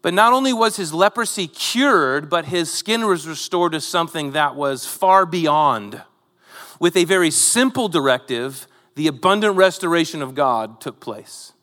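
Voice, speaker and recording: A man's voice: a little high, expressive, measured pace, bright, forceful tone, big-room sound. A man preaching a sermon, retelling a Bible story in a conversational way with rhetorical asides to the congregation. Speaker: pastor.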